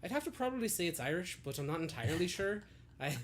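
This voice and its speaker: A man's voice: sits high, fast, slight background noise. A young man co-hosting a podcast, chatting casually and swearing freely, often laughing. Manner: relaxed, profane, laughs often. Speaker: podcast co-host. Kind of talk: casual chat.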